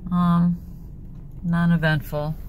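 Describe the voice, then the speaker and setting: Low-voiced middle-aged woman vlogging in a car. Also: little pitch movement, slow, a little mellow, slight background noise. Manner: rambling, candid, self-pitying. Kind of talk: casual personal vlog.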